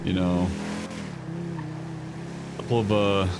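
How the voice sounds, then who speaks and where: A low-voiced man roleplaying in a game, relaxed and casual in his talk. He comes through noisy game voice chat. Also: takes it slowly. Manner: laid-back, casual. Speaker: roleplay player.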